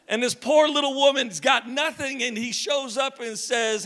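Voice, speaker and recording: Bright, high-voiced male preacher; animated, joking sermon delivery. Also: a little slow. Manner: lively storytelling, jokes with the congregation, shouts at times.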